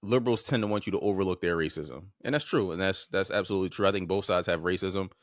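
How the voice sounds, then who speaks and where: The host of this podcast, a man with a low voice and quick pace, talks informally and bluntly about clips he plays. He drops casual swear words and restarts his phrases. It's a dry recording of studio quality.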